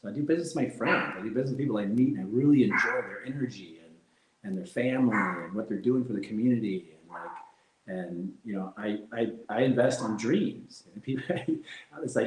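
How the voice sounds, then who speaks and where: A middle-aged man, a former fighter, speaking as an interview guest, reflective and animated as he tells anecdotes with frequent laughter. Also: lowish voice, a little fast, reverberant, poor audio. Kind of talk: candid interview storytelling.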